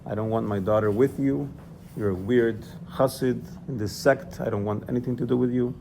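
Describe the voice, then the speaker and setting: A man's voice: medium pitch, fairly even intonation, moderate pace, gravelly, warm tone, a little hiss or hum, natural voice. A man voicing an angry older father who scolds and pleads with his son-in-law in a told story. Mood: fed up. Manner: exclaiming, scolding. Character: angry old father-in-law, shouting then coaxing.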